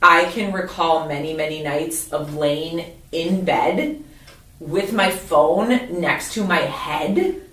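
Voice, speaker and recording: A woman's voice: deep voice, slow, a bit bright. Candid woman co-host in an echoey room. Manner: candid, confessional storytelling. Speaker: podcast co-host. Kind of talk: casual podcast chat. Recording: roomy echo, mic at a distance.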